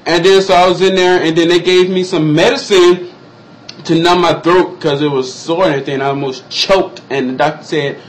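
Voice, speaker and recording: In a rough recording, a young vlogger recounts something that happened to him at a moderate pace. He's lively and casual, acting out what others said in over-the-top high voices.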